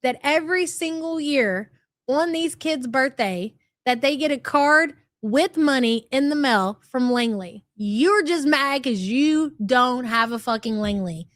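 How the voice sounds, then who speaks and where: A woman in her thirties with a light country twang hosts a livestream. She reads out viewer chats in a high, brash, sarcastic and profane way. Her voice sounds dry and close, with no room around it. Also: expressive, unhurried, fairly bright tone, dry recording. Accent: light American country twang. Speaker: livestream host.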